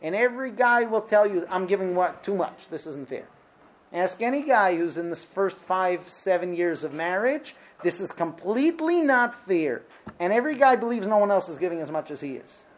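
A man with a high-pitched voice gives a lecture to a class on marriage. He speaks with emphasis and presses his points with rhetorical questions. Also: expressive, normal speed.

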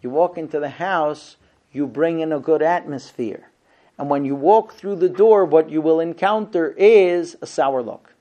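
Brief: male class teacher, lively and humorous, acts out little scenes, drops to quiet earnest points. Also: fairly high pitch, a little slow, highs cut off. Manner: lively, acts out husband and wife exchanges with humor; shifts between quiet earnest points and loud playful asides. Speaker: teacher of a marriage class for men. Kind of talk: lecture to a class.

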